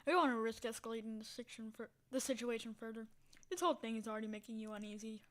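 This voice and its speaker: A woman's voice: on the high side, fast talker. A woman reading a text game's story aloud with dramatic delivery, breaking off for short spoken asides and sometimes dropping into a whisper. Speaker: game streamer.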